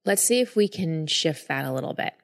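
A woman hosting a podcast, calmly explaining and guiding a guest through a coaching conversation. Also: low-pitched, a little fast. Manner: calm, explanatory, reassuring.

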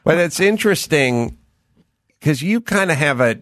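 A man's voice: fairly high pitch, expressive, moderate pace, fairly bright tone, no room sound, studio quality. A man hosting an interview, asking thoughtful, probing questions in a casual tone. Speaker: podcast host.

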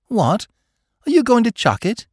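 A man's voice: mid-range voice, big pitch swings, moderate pace, darkish tone, dry recording, studio quality. A man voicing a blunt, earnest nineteen-year-old who speaks plainly and gets flustered.

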